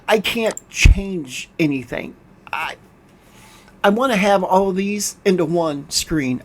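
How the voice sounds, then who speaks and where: An older man hosting a gaming channel, commenting on a game while playing, frustrated and ranting, often stumbling and restarting his words. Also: sits high. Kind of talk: game commentary over screen capture.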